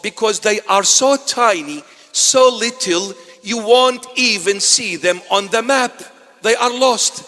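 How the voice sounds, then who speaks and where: Man, native Assyrian speaker, bishop's sermon: high voice, lively teasing delivery, long church reverb. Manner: animated, teasing asides to the congregation.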